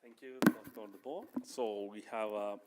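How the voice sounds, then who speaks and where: Low-voiced session chair, noisy room. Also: male voice, fairly even intonation, normal speed.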